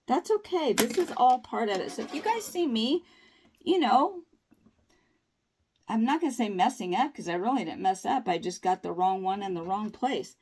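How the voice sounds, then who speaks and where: A woman's voice: fairly high pitch, lively intonation, moderate pace, darkish tone, slightly rough. Chatty woman showing nails. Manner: chatty, upbeat and reassuring. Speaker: nail tutorial vlogger. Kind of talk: casual tutorial talk.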